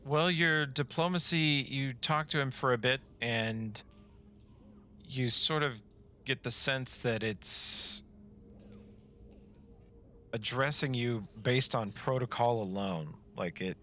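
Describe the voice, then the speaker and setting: A man's voice: medium pitch, slow pace, long pauses, pushed and bright, a little hiss or hum. A man narrating a tabletop game as game master, describing scenes with occasional fillers.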